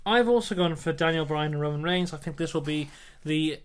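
A man hosting a casual wrestling-predictions podcast, brisk and teasing with his co-host. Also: on the high side, smooth.

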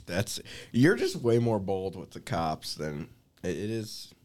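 A man in casual podcast chat who reacts to stories with quick comments and laughter. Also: low voice, very animated, a little mellow.

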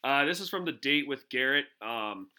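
A man's voice: mid-range voice, lively intonation, normal speed, sharp tone, clear, resonant tone. A young man co-hosting a podcast, chatting in a laid-back way, laughing often and acting out quotes. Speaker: podcast co-host. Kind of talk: casual chat.

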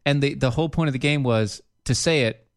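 Animated man chatting with a co-host. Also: a little fast. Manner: animated, jokey, rises high for emphasis. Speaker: podcast co-host. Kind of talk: casual chat.

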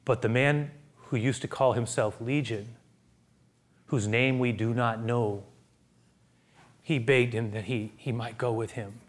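A man preaching a sermon, repeating himself and acting out the people in the story, swinging from loud exclamations to hushed near-whispers. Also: medium pitch, fairly even intonation, a little slow, pauses often. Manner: repeats words and acts out quoted voices. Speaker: pastor.

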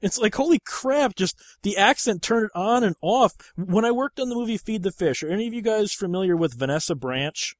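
A man's voice: high voice, lively intonation, a little fast, few pauses, dry recording, studio quality. A man hosting a podcast, chatting casually about movies, rambling and swearing freely. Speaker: podcast host.

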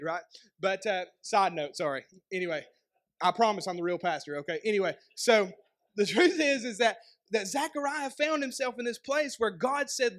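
A man's voice: high-pitched, a little fast, a bit bright. A young adult man with an East Tennessee accent preaching a sermon, in a casual style full of rhetorical questions and joking asides. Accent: Southern US, East Tennessee. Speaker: pastor.

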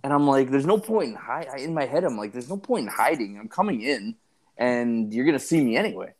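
A man's voice: mid-range voice, animated, fast. A man co-hosting a podcast, telling a story in casual chat, with a filler-heavy, self-mocking manner. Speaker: podcast co-host.

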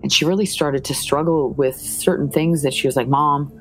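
Very low-voiced mother telling her story. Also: fairly quick, soft background music. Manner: earnest, retelling scenes with quoted dialogue. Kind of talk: emotional personal account.

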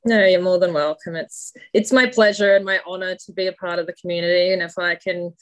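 A woman's voice: on the low side, fairly even intonation, brisk, low-quality recording. An Australian woman talking as a podcast guest, easygoing and laughing often. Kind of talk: casual chat.

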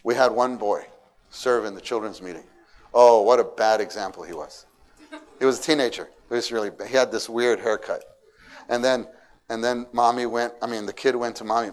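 A man giving a sermon, animated, swinging between quiet asides and loud, emphatic lines, and acting out quoted people. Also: mid-range voice, moderate pace. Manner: acts out quoted people in raised voices. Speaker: church speaker.

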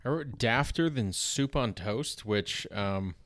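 A young Canadian man with a Canadian accent and a lowish, slightly bright voice hosts a comedy podcast, speaking slowly and expressively in a dry, clean studio recording. He rambles through old notes in a casual monologue full of fillers, restarts and self-deprecating asides.

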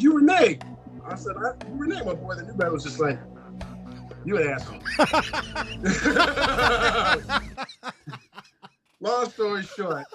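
A man co-hosting a podcast, telling a card-game story in casual, profane chat and laughing as he goes. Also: high-pitched. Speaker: podcast co-host.

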